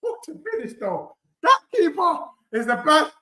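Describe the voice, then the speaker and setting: A man reacting live to a football match as a fan streamer, excitable and shouting, his voice going hoarse. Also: extremely high pitch, normal speed, echoey room. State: losing his voice.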